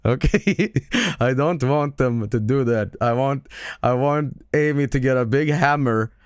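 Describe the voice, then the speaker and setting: A man's voice: mid-range voice, measured pace, clear, resonant tone, dry recording, studio quality. A man streaming casual chat, rambling and stammering with lots of swearing and laughing.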